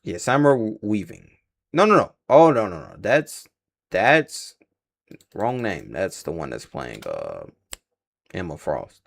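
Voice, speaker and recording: A low-pitched man talks off the cuff as he hosts his own livestream reaction. His voice swings up and down with lively energy, loose and slangy, cursing now and then and tripping over names as he goes. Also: unhurried, gravelly, long pauses. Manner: rambling, slangy and profane, stumbles over names. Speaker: livestream host reacting to casting news.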